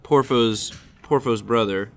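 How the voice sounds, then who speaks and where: A man co-hosting a comedy show, riffing in a laid-back, deadpan way. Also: medium pitch, unhurried, faint music behind. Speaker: show co-host.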